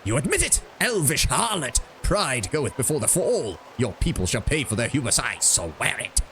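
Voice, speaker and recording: A man's voice: mid-range voice, sing-song, normal speed, fairly bright tone, slight background noise. A man reading out a game's lines as a hateful, preachy human zealot who rants against elves. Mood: scornful. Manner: accusing, preachy.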